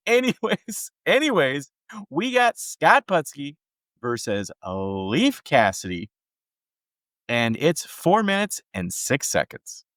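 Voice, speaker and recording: A man's voice: mid-range voice, takes it slowly, long pauses, no echo, studio quality. Podcast guy, bouncy voice going all over, wry jokes, no room sound at all. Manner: lively, wry commentary. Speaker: podcast co-host. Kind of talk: casual recap chat.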